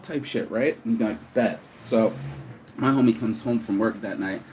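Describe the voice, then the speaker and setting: A man's voice: lowish voice, moderate pace, a little mellow, a little hiss or hum. A man from the United States talks to his camera in a profane storytelling rant, acting out what other people said to him. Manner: swears freely, acts out other people's lines. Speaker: vlogger. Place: abroad, telling a story to camera.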